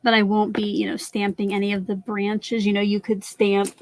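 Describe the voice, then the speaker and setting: A woman's voice: mid-range voice, monotone, moderate pace, slight background noise. A woman hosting a live crafting stream who stands while she works and chats to viewers as she walks them through each step. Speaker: crafting channel host.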